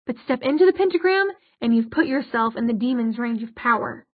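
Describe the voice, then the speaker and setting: A woman's voice: high-pitched, dry recording. A woman doing an irritable male warlock. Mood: irritated. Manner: irritable, clipped, brisk. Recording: dry, phone-like narrow sound.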